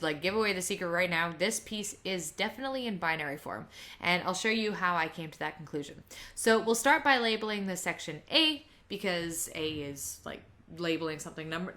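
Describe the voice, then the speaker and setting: A woman's voice: fairly low pitch, pushed and bright. A woman teaching a piano lesson in a casual video, chatty and prone to rambling asides.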